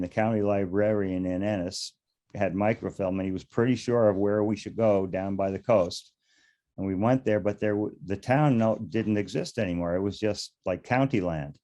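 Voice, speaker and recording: Low, mellow-voiced man telling stories. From United States. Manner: rambling, chuckling, with frequent restarts. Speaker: interview guest, beekeeper. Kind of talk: casual storytelling interview.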